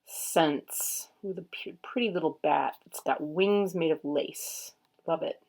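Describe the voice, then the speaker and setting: A woman unboxing a card deck, murmuring card names in a soft, unhurried way and admiring the artwork. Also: deep voice. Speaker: tarot reader and channel host. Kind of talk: casual unboxing commentary.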